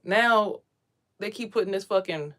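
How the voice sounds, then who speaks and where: A young adult woman, a spiritual vlogger, talking casually and bluntly to camera with lots of swearing, getting louder as she gets worked up. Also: fairly low pitch, fairly quick. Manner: blunt, profane, ranting; animated, swings louder when worked up.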